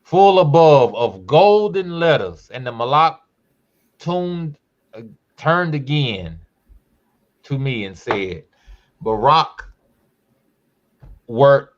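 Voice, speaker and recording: A man hosting a podcast who reads a scripture text aloud slowly and emphatically, breaking off for casual asides. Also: mid-range voice, big pitch swings, dull audio. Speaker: podcast host.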